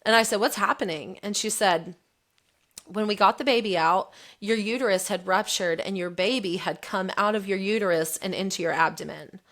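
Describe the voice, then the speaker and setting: A woman's voice: medium pitch, normal speed. Candid woman retelling a story. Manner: candid, animated retelling, voicing the quotes. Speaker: podcast guest. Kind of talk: personal storytelling in an interview.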